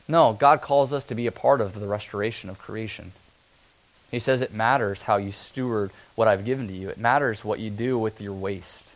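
A man preaching a sermon in a relaxed, conversational way, often slipping into quick acted-out asides. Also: fairly low pitch. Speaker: pastor.

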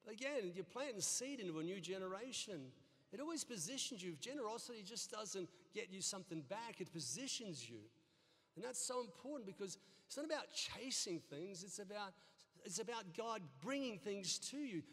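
A man's voice: sits high, animated, moderate pace, a bit bright. A middle-aged male pastor preaching a sermon in a church, telling folksy stories with humor and often repeating his words. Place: church sanctuary. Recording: long reverb of a church hall.

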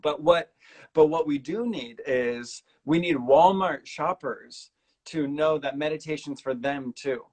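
A man hosting a podcast, talking in a casual, earnest and rambling way, sometimes mimicking other people with big jumps in pitch. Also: a little slow, darkish tone. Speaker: podcast host. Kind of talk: casual conversational interview.

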